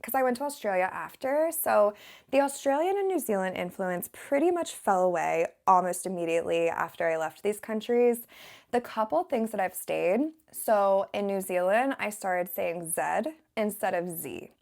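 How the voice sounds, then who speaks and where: An American woman from the Southern United States, an English teacher chatting casually to camera in a relaxed, rambling way and laughing often. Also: medium pitch, normal speed, vocal fry.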